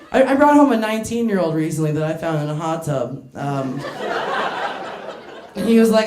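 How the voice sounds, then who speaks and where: A woman's voice: fairly low pitch, animated, moderate pace, roomy sound, background noise. A woman doing a stand-up comedy set in a club, brash and crude, working the crowd and laughing between her lines.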